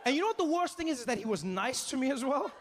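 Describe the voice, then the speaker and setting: A male stand-up comedian from Africa telling a story in an animated way, his voice climbing into frantic high bursts. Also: quick pace, a little hiss or hum.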